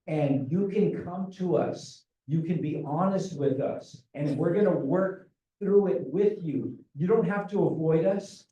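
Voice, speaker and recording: A man's voice: high-pitched, a little slow, mellow, highs cut off. A man presenting to parents at a school meeting, earnest and repetitive, often asking rhetorical questions. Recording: echoey room, speaker far from mic.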